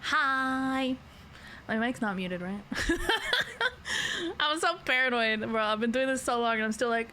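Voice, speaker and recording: A sleepy woman streamer chats casually, rambling and giggling between thoughts. Her voice sits a little high and sounds crisp and bright. She takes her time, drawing the words out at an unhurried pace. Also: animated, slight background noise. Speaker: livestreamer. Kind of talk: casual chat.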